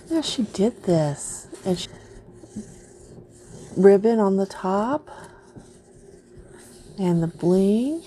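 A woman's voice: on the low side, drawn-out words, long pauses, background noise. A woman vlogger unboxing craft mail in casual chat, gushing and easily delighted.

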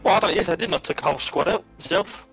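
A man on voice chat as a teammate, chatting about the game in quick asides. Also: high voice, gravelly, a bit bright, slightly rough, faint music behind. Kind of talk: casual gaming chat.

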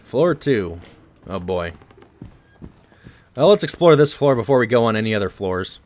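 A man's voice: lowish voice, very animated, normal speed, a little mellow. A man chatting casually while streaming a horror game, joking at his own expense. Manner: chatty, self-deprecating. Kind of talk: live gameplay commentary.

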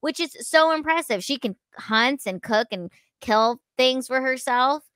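A woman in casual podcast chat, frank and opinionated, her voice pitched a little high. The sound is dry and close to the mic, with no room around it. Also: expressive, unhurried, fairly bright tone, clean tone, no echo. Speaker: podcast co-host.

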